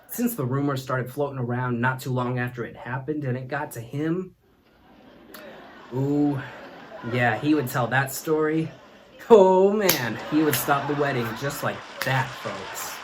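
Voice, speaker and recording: A man's voice: mid-range voice, slight background noise. A man hosting a comedy talk show, telling a rambling story with folksy asides and frequent laughter. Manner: laughs often, acts out voices, folksy asides.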